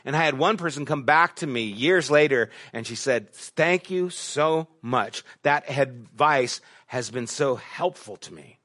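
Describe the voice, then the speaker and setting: A middle-aged man, a pastor, preaching a sermon and telling stories, dropping to hushed asides and rising to emphatic questions. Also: mid-range voice, animated, a little slow, few pauses. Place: church sanctuary.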